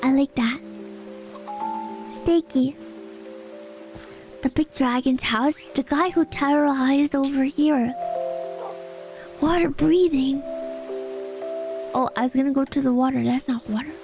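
Giggly high-voiced woman streamer. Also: takes it slowly, long pauses, over music. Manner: giggly, excitable, with sudden squeals. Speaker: VTuber streamer. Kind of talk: casual gaming stream chat. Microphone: binaural dummy-head mic.

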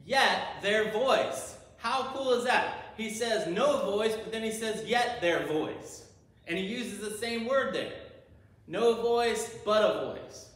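A man's voice: high voice, expressive, a little slow. A male pastor preaching a sermon, eagerly explaining Hebrew words and asking rhetorical questions. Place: church sanctuary. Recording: roomy, distant church sound.

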